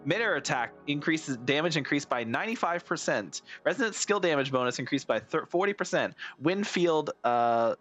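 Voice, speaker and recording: A game streamer with a rough, hoarse, medium-pitched voice gives casual commentary on his gameplay. He rambles, thinks aloud, and swears a lot.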